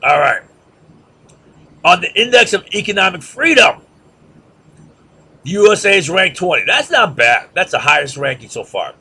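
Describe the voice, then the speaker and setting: Lively, gravelly-voiced man lecturing. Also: high voice, normal speed, pauses often. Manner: sarcastic, mocking chants and repeated questions. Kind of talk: rhetorical classroom lecture.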